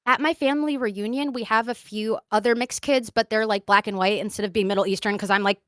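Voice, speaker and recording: A woman's voice: medium pitch, quick pace, dry recording. A young woman hosting a podcast, telling stories in casual chat and acting out what other people said. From grew up in Qatar and the American South. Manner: animated storyteller, acting out quoted voices. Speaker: podcast host.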